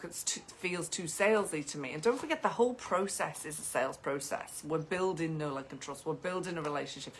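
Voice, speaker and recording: A woman's voice: sits low, fairly quick, few pauses, fairly bright tone, slight background noise. A woman teaching photography business, talking in a chatty, enthusiastic way and acting out example client conversations. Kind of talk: casual teaching talk with role-play examples.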